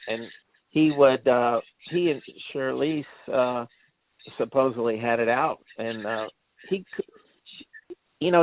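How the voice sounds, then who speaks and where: The recording sounds tinny and phone-like, dry with no echo, carrying a man's mid-range voice. He's a co-host on a casual movie review chat, a rambling storyteller who acts out quotes and laughs frequently.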